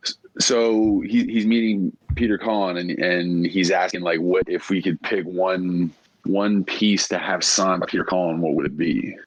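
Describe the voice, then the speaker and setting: A man co-hosting a casual podcast, talking haltingly as he thinks aloud, over dull lo-fi online call audio. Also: low voice, fairly even intonation, no room sound. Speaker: podcast co-host. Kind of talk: casual chat.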